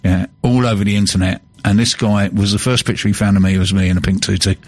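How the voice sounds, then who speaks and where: Teasing English radio host, dry studio. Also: male voice, lowish voice, steady tone, dry recording. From England. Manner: chatty, teasing, quick to laugh. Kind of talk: casual radio chat.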